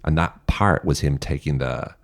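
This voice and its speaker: Irish guy on a podcast, super deep voice, blunt, swears a lot. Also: moderate pace, creaky. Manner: blunt, swears freely, direct advice. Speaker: podcast guest. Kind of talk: casual interview talk.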